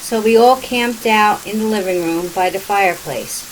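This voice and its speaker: A woman reading her own first-person ghost story aloud in a plain, steady way. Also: mid-range voice, moderate pace, few pauses, slight background noise, poor audio. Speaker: author and narrator.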